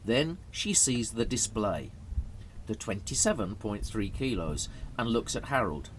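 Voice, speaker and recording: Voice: medium pitch, very animated, unhurried, slight background noise. A narrator reading a graded story aloud for English learners, telling it dramatically.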